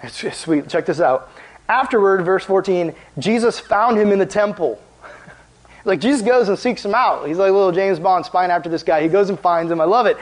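A man preaching as a youth pastor in a casual, animated, conversational way, with lots of filler words. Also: sits high, normal speed, low-quality recording. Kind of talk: casual sermon.

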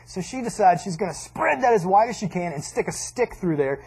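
Husky, high-voiced man telling a story. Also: brisk. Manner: animated, acts out voices and laughs. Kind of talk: casual storytelling to a group.

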